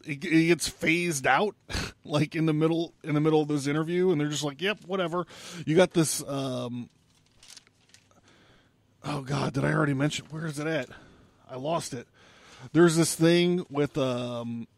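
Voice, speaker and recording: A man's voice: on the high side, dry recording. A man hosting a casual podcast monologue, rambling and sarcastic, swearing often. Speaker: podcast host.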